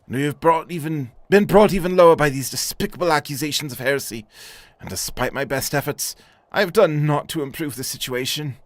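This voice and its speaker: A man's voice: a little high, fairly quick, no room sound, voice pushed up, close to an everyday voice. A man voicing an earnest young nobleman in a video game, speaking in formal, old-fashioned words with a heavy heart. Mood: solemn.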